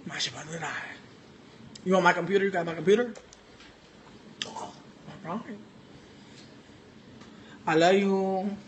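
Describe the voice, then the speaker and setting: A livestream host ranting to viewers in a brash, loud, profane and sassy way, speaking from a bar. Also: medium pitch, a little hiss or hum. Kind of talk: brash casual rant to viewers.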